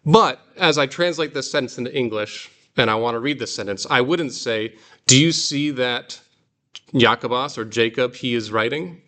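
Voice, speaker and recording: A man's voice: mid-range voice, moderate pace, fairly bright tone. A man teaching a Greek reading class, explaining patiently with examples. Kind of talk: classroom lesson.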